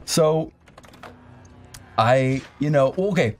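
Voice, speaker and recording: A young man telling a profane, animated story in a casual chat among friends. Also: medium pitch, slow pace, slight background noise. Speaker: podcast co-host.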